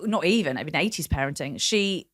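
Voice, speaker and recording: A young adult woman, a comedian guest on a podcast, telling stories in a lively chat and acting out the people she quotes. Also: low-pitched, brisk. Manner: animated storyteller acting out quotes with laughter.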